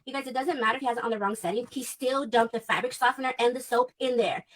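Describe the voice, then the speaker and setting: A woman's voice: on the high side, quick pace. A woman on a clipped livestream, ranting in a blunt, heated way, swearing often and repeating herself. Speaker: vlogger.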